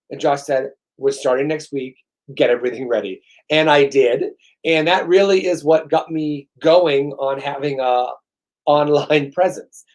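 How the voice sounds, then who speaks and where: A man's voice: mid-range voice, fairly even intonation, normal speed, a little mellow. A man hosting his own show, rambling through stories with profane, sarcastic, self-mocking humor. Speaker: host. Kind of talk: rambling comedic monologue.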